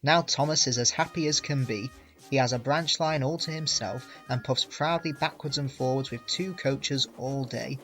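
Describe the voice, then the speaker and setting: A man reading a children's railway story aloud in a clear, gentle storytelling manner. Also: medium pitch, moderate pace, faint music behind. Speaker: reader.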